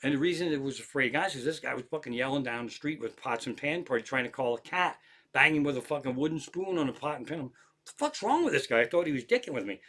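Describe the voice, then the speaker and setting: A man's voice: medium pitch, fast talker. Man telling profane, rambling stories at home. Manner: profane, animated anecdotes with frequent swearing. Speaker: comedian hosting a livestream. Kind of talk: casual rambling storytelling. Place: home, in an armchair.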